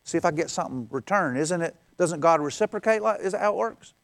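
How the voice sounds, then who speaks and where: A man's voice: a little high, expressive, quick pace. A middle-aged male pastor preaching a sermon in a conversational way, acting out quoted voices in passing.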